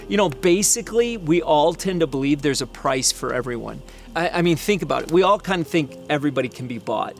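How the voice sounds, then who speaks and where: A middle-aged man preaching to a congregation, animated and full of expression. He acts out the people in his story by pushing his voice higher. His voice sits a little high, and faint music plays behind him. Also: brisk, gravelly. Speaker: pastor. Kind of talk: sermon storytelling.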